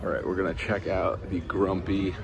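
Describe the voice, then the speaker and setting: A man talking casually as a travel vlogger, relaxed and rambling, a little tired, touring cafes and streets. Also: deep voice, moderate pace. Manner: relaxed, rambling, enthusiastic about food. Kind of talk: casual walk-and-talk vlog. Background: music.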